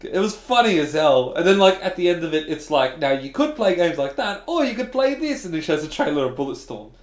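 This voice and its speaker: A man co-hosting a gaming podcast, telling stories in an animated, casual way with some swearing. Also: a little high. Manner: animated storytelling, swearing, quick asides. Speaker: podcast co-host. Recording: echoey room.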